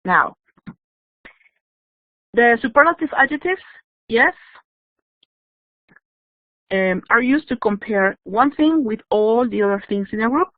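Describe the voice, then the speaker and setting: A woman's voice: fairly high pitch, expressive, slow, long pauses, no room sound. A woman teaching English grammar in an online class, explaining patiently and checking in with "yes?". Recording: dry, tinny phone-like audio.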